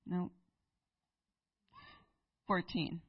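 A woman's voice: drawn-out words, no echo, distant mic, highs cut off. A woman preaching in church, retelling a Bible story and asking her listeners rhetorical questions. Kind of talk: sermon.

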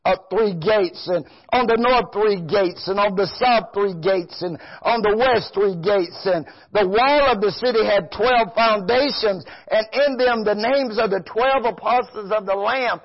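Male preacher, high and husky, slow scripture reading with fervent asides. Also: dull audio. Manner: reads scripture slowly, then preaches with exclamations. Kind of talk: sermon.

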